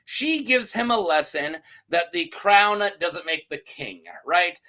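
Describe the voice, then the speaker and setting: A man hosting a casual review show, recapping an episode with jokes, lots of ums and uhs, and quick put-on voices for the characters. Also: high voice. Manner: animated, joking, acts out quotes in quick put-on voices; many fillers like um and uh. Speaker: podcast host reviewing a TV episode.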